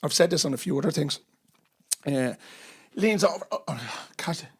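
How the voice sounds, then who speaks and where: An Irish man on a podcast as a guest, telling a lively story and acting out the voices of others. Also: on the high side, normal speed, slightly rough. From Ireland. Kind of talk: storytelling in casual chat.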